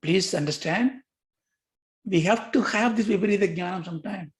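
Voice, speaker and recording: Older male teacher, lively questioning lecture delivery, prone to repeats. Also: sits high, normal speed. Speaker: yoga philosophy teacher. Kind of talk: lecture on yoga sutras.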